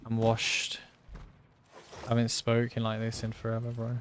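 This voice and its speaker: A young man streaming a game live, chatting to viewers in slangy, swearing, excitable gamer talk. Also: mid-range voice, normal speed, long pauses, slight background noise. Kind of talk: live gameplay commentary.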